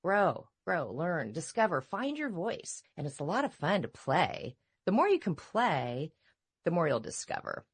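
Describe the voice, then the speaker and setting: Low-voiced woman with swooping expressive delivery. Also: measured pace, breathy edge. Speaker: voice-over actor and coach, radio personality. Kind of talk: casual chat.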